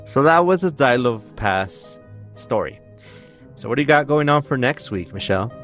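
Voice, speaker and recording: A man's voice: medium pitch, lively intonation, normal speed, fairly bright tone, faint music behind. A man co-hosting a podcast in casual conversation, rambling and joking, often restarting his sentences. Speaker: podcast co-host.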